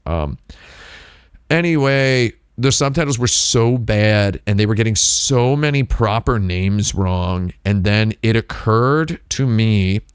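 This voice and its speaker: A man's voice: on the low side, lively intonation, takes it slowly, clear, resonant tone, no room sound, studio quality. A man hosting a live stream, chatting casually in a rambling, digressive way with lots of restarts. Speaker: livestream host.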